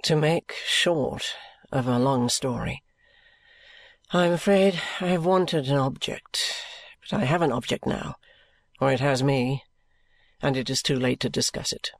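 A man's voice: medium pitch, a little slow, no echo. A man voicing an earnest, troubled young man in an audiobook, pleading and sincere. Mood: rueful. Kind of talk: audiobook character reading.

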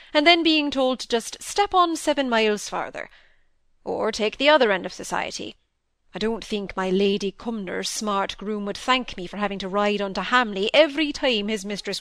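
A woman's voice: medium pitch, fairly bright tone, dry recording. A woman reading aloud, voicing a brusque, dryly teasing middle-aged country doctor.

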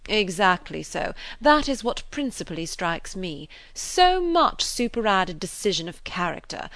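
A woman reading the part of a gallant young gentleman suitor, effusive and fawning in his compliments, in a dry recording. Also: medium pitch, sing-song, measured pace, no echo. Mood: flattering.

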